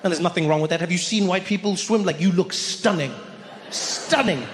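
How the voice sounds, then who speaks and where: Speaking briskly in a high-pitched voice, a stand-up comedian entertains a live audience with playful stories and impersonated voices. The recording sounds like a large room, with a little background noise.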